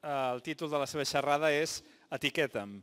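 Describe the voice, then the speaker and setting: A man's voice: a little high, fast, fairly bright tone. A man hosting the event, briefly thanking and introducing each speaker.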